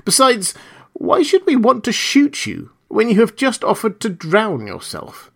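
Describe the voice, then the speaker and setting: A man reading the part of a cold, steady male mad scientist in an audiobook, talking in a measured, persuasive way. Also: sits high, creaky, pitched above the performer's own voice, full character voice.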